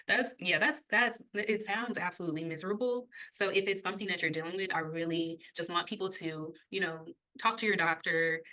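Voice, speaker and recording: Bright-voiced chatty woman podcast host. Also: medium pitch, low-quality recording. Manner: chatty, laughs often, gets out of breath when excited. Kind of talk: casual chat explaining a health topic.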